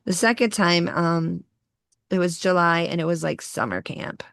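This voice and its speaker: A woman's voice: fairly low pitch, normal speed, gravelly, a bit bright, dry recording, studio quality. A young woman co-hosting a podcast, telling a personal story in a casual, slangy way and swearing freely. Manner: casual, swears freely, calls people dude. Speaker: podcast co-host.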